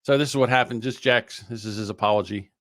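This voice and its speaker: An older man co-hosting a podcast in casual, swearing, animated chat. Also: mid-range voice, no echo, clean studio sound. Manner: animated, swearing, quick to laugh. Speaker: podcast co-host.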